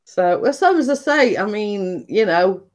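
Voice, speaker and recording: A woman's voice: mid-range voice, expressive, a little slow. Nottinghamshire lady in her 50s chatting away, laughs a lot, reads out comments. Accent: Nottinghamshire English. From Nottinghamshire, England. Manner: chatty, laughs often, self-deprecating. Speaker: host. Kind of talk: casual chat on a live stream, reading comments.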